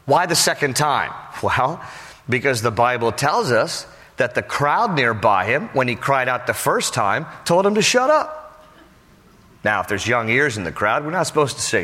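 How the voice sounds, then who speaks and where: Male preacher, animated sermon delivery, slightly high voice, reverberant sanctuary. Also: normal speed. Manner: animated preaching, acting out quotes. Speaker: pastor.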